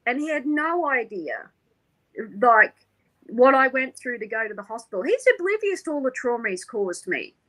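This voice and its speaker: A woman, an interview guest, tells a personal story in an animated way, laughing often and acting out the people she quotes. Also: fairly high pitch, moderate pace, low-quality recording.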